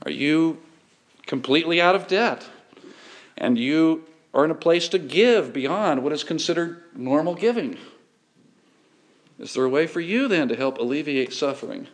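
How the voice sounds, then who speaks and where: A pastor, preaching an earnest, measured sermon and reading scripture aloud. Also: male voice, fairly high pitch, lively intonation.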